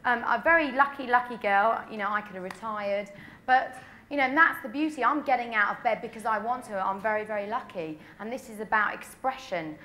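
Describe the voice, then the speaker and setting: A woman's voice: a little high, brisk, bright, forceful tone. An English woman in her twenties, a pop singer answering press questions in a chatty, candid way full of "you know". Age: 20s.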